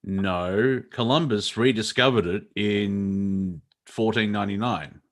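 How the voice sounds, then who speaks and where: A man's voice: on the low side, takes it slowly. Aussie guy riffing on a comedy show, rambly and irreverent, keeps laughing through his sentences. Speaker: co-host. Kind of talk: casual comedy chat.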